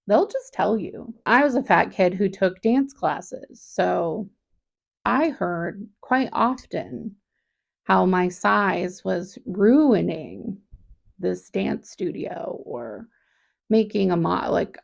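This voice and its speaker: A woman in her thirties talking candidly in a personal vlog, reflective and halting, often restarting her sentences. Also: mid-range voice, animated, vocal fry. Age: 30s. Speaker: vlogger.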